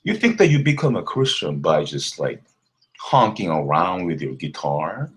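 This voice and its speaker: A man's voice: low-pitched, sing-song, normal speed. A man delivering a mocking, scornful rant to the camera, laughing between insults. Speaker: vlogger. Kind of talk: ranting callout video.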